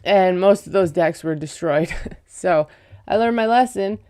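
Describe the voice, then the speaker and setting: A woman who is a parent and recap vlogger casually goes over a reality show episode, rambling and packing her talk with fillers, especially "like" and "you know." Her voice is lowish and mellow, and she speaks a little slowly.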